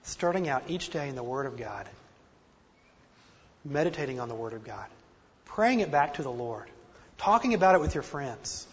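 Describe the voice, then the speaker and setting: A man's voice: mid-range voice, animated, normal speed, pauses often, husky. A man preaching a sermon with earnest, self-deprecating emphasis and a slight speech impediment. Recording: dull lo-fi recording in a reverberant hall.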